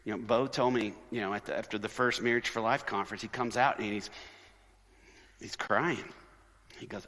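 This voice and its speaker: A man giving a conversational, sermon-style conference talk, animated and lively, often acting out quoted voices. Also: lowish voice, brisk, pauses often. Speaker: conference speaker. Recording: long hall reverb.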